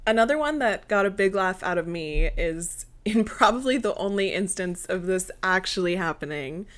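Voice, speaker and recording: A woman's voice: mid-range voice, expressive, normal speed, fairly bright tone. Sarcastic laughing young woman co-host. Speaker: podcast co-host. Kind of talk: casual film review chat.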